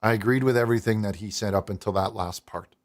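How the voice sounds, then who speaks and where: A man's voice: fairly low pitch, fast talker. A man hosting a live call-in talk show, chatting casually and prompting his caller with questions. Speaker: talk show host, pastor.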